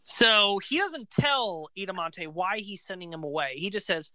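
A woman casually retelling an opera plot, animated and acting out the characters' lines. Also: medium pitch, normal speed, no room sound.

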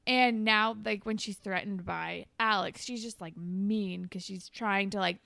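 A woman co-hosting a casual recap podcast, talking through scenes with animated quotes. Her voice has a gravelly fry to it. The sound is dry and close. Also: medium pitch, unhurried, dry recording. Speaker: podcast co-host.

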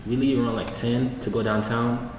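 A young man recounts a wild night to his friends in relaxed, slang-heavy speech. He sits well back from the mic in a bare, echoing room with a long tail of reverb. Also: mid-range voice, moderate pace, background noise. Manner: laid-back slangy storytelling. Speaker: storyteller among friends. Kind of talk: casual chat. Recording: echoey room, voice from far off.

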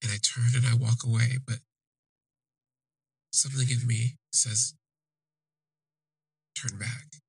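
Man, very husky voice, flat delivery, halting emotional storytelling, dry close sound. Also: medium pitch, no room sound. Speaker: podcast host. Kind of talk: personal storytelling.

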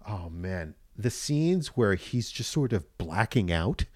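A man chatting casually about a TV show, animated, acting out his reactions and swearing freely. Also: on the low side, slow pace, no room sound, clean studio sound. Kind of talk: casual review chat.

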